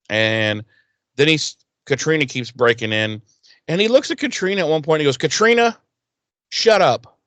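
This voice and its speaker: A man's voice: mid-range voice, fairly bright tone, no room sound. A man co-hosting a podcast, chatting casually and swearing a lot as he recaps an episode. He acts out the characters' lines with a mid-range voice. The sound is dry and close, with no room around it. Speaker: podcast co-host.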